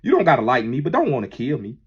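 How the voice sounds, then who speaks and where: A man giving a heated, profane monologue that keeps rising toward a shout. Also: mid-range voice, huge pitch swings, quick pace, breathy edge, dull audio. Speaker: manager addressing critics. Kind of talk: impassioned monologue.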